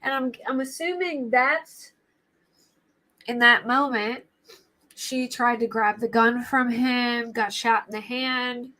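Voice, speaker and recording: A woman's voice: fairly high pitch, fairly even intonation, slow, pushed and bright. A young adult woman hosting a true crime livestream, chatting casually in a rambling, flustered way and laughing easily.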